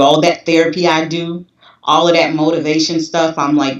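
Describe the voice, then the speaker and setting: A woman's voice: deep voice, flat delivery, moderate pace. A woman in her forties giving a candid, emotional personal testimony, restless and repeating herself as she talks. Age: 40s. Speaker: guest. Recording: roomy, distant, dull sound.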